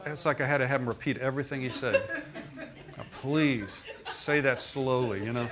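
A man's voice: medium pitch, a bit bright, a little hiss or hum. A middle-aged man preaching a sermon, telling a personal testimony in a conversational way and checking in with the congregation with frequent asides. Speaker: pastor.

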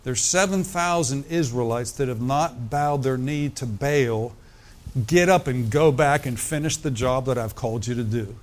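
A man preaching, reading scripture aloud and breaking off to comment in a conversational way. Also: medium pitch. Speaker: pastor. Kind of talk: sermon.

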